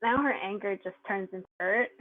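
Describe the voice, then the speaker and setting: A woman's voice: mid-range voice, brisk. A woman playing in a tabletop game, chatting casually and laughing often as she describes her character. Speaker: player. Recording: dull lo-fi dry sound.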